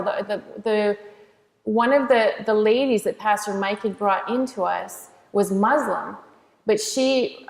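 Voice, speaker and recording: Gravelly-voiced woman testifying in an echoing hall. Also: medium pitch. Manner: earnest, emphatic, frequent restarts. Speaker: author and interview guest. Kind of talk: heartfelt faith testimony in conversation. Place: church. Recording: echoey hall reverb.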